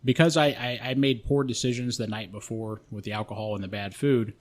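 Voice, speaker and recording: A man co-hosting a podcast, telling a story in a casual, profane and animated way. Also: medium pitch, a little fast, slight background noise. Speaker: podcast co-host.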